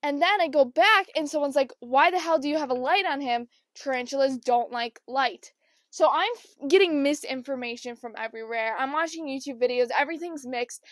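Young woman, podcast host, high bright voice, casual animated storytelling, dry close sound. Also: a little fast, dry recording. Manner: animated, acts out quoted people with changed voices.

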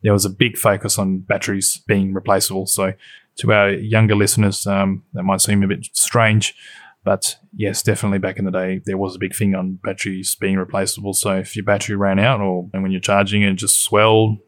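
Nostalgic rambling podcast host. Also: male voice, low voice, monotone, a little fast. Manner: rambling, nostalgic, lots of fillers. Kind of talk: casual tech podcast chat.

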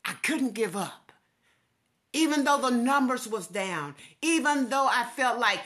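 Woman preacher, middle-aged, slow deliberate delivery, bright higher voice, impassioned repetitive cadence. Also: lively intonation. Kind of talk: devotional sermon.

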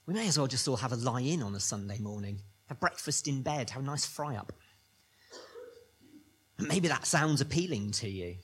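A man's voice: mid-range voice, lively intonation, normal speed, a bit bright, husky. A man preaching a sermon as pastor, building emphatic repetitions.

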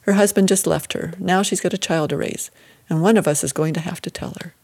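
A woman puts on an older grandmother, blunt and bossy, her words brisk and scolding. The voice sits a little higher than the narrator's own, in a storybook reading. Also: steady tone, a little mellow.

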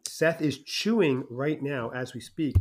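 A man's voice: medium pitch, lively intonation, a little slow. A man hosting a casual food review chat, teasing his guest and announcing to listeners like a showman. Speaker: podcast host.

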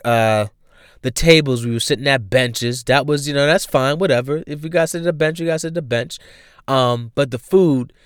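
A man telling a funny personal story in a casual, animated way, laughing often and using slang and swearing. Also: fairly high pitch, clean tone, no room sound, clean studio sound.

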